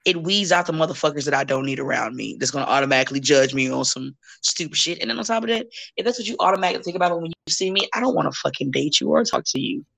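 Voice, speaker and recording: A woman in her thirties, a wrestler guesting on a podcast, chatting bluntly and profanely with animated storytelling. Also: deep voice, rapid-fire, creaky, hardly any pauses. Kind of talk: casual chat.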